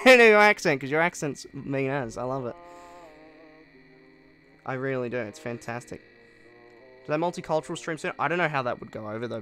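A man's voice: mid-range voice, a bit bright. A young man streaming a game live, chatting casually with viewers and answering their comments in an upbeat way. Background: faint music.

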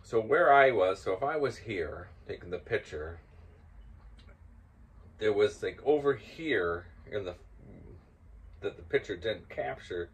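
An older man hosting and casually telling a story, growing loud and laughing as it builds. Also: lowish voice, animated, unhurried, pauses often. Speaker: host.

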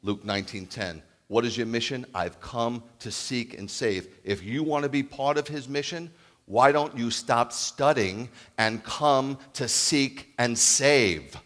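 A man preaching a sermon as a rabbi, animated, acting out loud calls and then dropping to a hushed voice. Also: medium pitch, measured pace. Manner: animated, acts out calls and shouts, then drops to near-whisper. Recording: long hall reverb.

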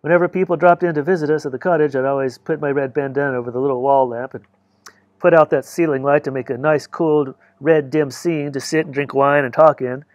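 A man reading a novel aloud as an audiobook, in a measured storytelling manner. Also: fairly high pitch, steady tone, no room sound, lo-fi sound. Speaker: audiobook reader. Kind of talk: audiobook narration.

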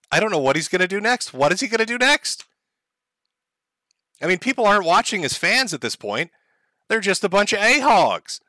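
A man's voice: high-pitched, pushed and bright, no room sound, studio quality. A man hosting a livestream, giving sarcastic, profane, mocking commentary. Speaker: streamer host.

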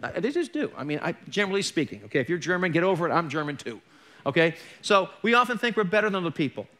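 Candid middle-aged pastor, slightly high. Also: male voice, big pitch swings, quick pace, pushed and bright. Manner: candid, conversational preaching with joking asides. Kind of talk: sermon. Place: church.

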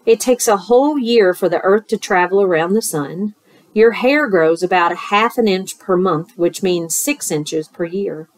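Slow, expressive woman reading a picture book. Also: mid-range voice, no echo. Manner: expressive, rhythmic, with asides to children. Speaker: teacher reading aloud. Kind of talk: storytime read-aloud.

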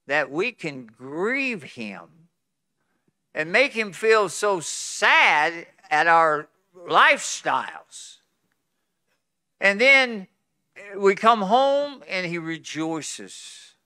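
A man preaching a revival sermon at a conference, swinging from loud pleading to hushed tones, with folksy chuckles between phrases. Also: on the high side, very animated, very slow, long pauses, no echo, studio quality. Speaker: pastor. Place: conference hall.

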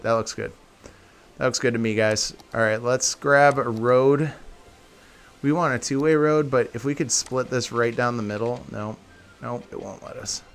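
A male video game tutorial creator, medium in pitch and moderate in pace, gives relaxed commentary on a building tutorial. He talks to his audience as "guys" in a chatty way, reasoning aloud whenever he fixes a mistake.

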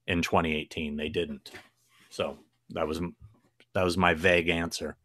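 A man's voice: low voice, little pitch movement, normal speed, a bit bright. A man co-hosting a live horror podcast in casual chat, playful and prone to restarts. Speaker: podcast co-host.

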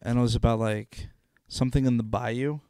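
Give me a man in casual podcast chat, mid-pitched, full of filler words. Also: fairly even intonation, normal speed, darkish tone, clear, resonant tone, no room sound, studio quality. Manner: filler-heavy, lots of "like". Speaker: podcast co-host.

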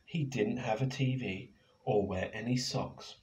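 Man, children's storytime reading, playful, expressive, echoey room at home. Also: medium pitch, measured pace. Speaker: author reading his book. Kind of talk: reading a picture book aloud to children.

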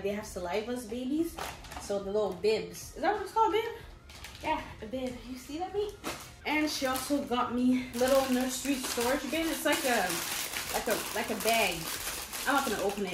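A young woman chatting excitedly through a baby gift haul, calling her viewers "mates". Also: on the high side. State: pregnant, briefly out of breath. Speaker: vlogger. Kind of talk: casual haul vlog. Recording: echoey room.

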